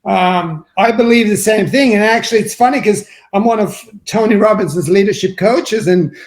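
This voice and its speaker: A man with a voice pitched well above most men's speaks as a podcast guest. He chats casually, often cuts in with a quick "yeah" and states his own views with force. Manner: emphatic agreeing, frequent "yeah". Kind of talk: casual chat.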